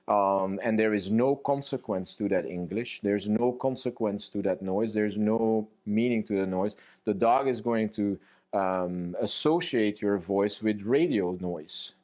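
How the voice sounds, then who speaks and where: A man's voice: lowish voice, unhurried. Blunt, profane man lecturing on dog training. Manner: blunt, profane, animated and joking.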